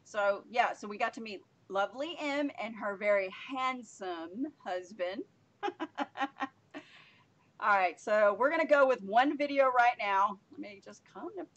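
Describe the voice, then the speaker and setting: A woman's voice: fairly high pitch, lively intonation, unhurried, fairly bright tone, muffled recording. A woman co-hosting a casual live stream, bubbly and talkative with frequent giggles.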